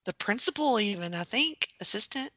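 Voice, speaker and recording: A woman co-hosts a casual movie watch-along podcast. Her voice is bright and forceful. She reacts quickly and playfully, and the sound is dry and close. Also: mid-range voice, expressive, dry recording. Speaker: podcast co-host.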